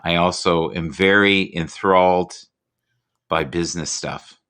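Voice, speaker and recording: A man hosting a casual livestream chat, talking in a rambling, jokey, animated way. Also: deep voice, measured pace, clean tone. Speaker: livestream host. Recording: home computer mic.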